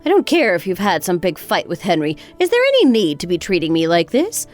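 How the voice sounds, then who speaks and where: Woman performing a touchy older mother-in-law, defensive and stammering, with a lively, high voice over faint music. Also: a little fast. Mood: indignant. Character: indignant older mother-in-law, proud, quick to take offense.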